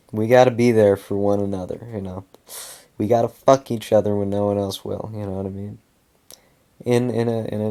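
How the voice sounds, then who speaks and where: A man's voice: fairly low pitch, darkish tone. A young man venting in a casual monologue, rambling, repeating himself and swearing a lot. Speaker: vlogger.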